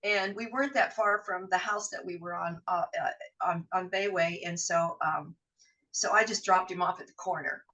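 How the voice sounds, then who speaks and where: A woman's voice: lowish voice, normal speed, sharp tone, far from the mic, rough recording. A middle-aged woman, a podcast guest, telling a frank personal story in vivid detail, acting out what people said and swearing now and then. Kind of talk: emotional personal storytelling in an interview.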